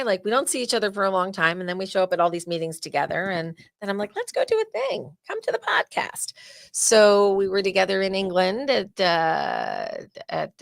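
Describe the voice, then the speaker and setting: A woman's voice: on the low side, vocal fry, fairly bright tone, dry recording, clean studio sound. A woman with a New Jersey accent hosting a casual podcast interview, chatty and joking with loose asides. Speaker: podcast host.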